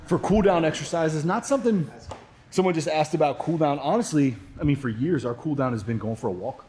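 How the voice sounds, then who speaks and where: A man's voice: on the high side, a little fast, warm tone, slight background noise. A man hosting a livestream workout, casually explaining exercises and answering viewer questions with loose joking asides. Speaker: fitness coach hosting livestream.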